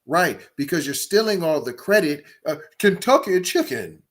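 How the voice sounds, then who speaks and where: A man's voice: a little high, animated, normal speed. A man with hosting a podcast, reading an article aloud and breaking off into emphatic commentary full of rhetorical questions. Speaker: podcast host.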